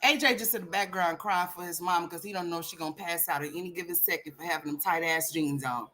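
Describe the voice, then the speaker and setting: A woman's voice: lowish voice, fast, bright, forceful tone. A woman hosting a casual reaction commentary, blunt, profane and teasing, with playful mock outrage. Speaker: commentary channel host.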